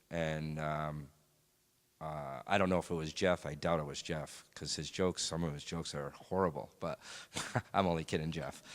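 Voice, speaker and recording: Deep-voiced man giving a halting church testimony. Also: a bit bright. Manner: halting, reflective, many pauses and fillers. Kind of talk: personal faith testimony. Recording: long hall reverb.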